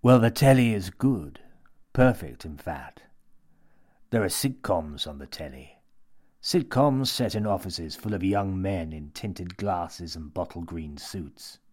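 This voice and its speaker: A man's voice: low-pitched, animated, slow pace, a little mellow, heavily acted. Brief: man voicing a creepy old stranger in an audio horror tale, theatrical and preachy, raised voice. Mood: lecturing. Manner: theatrical, wheedling, lecturing. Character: sinister mad old man with pierced lips.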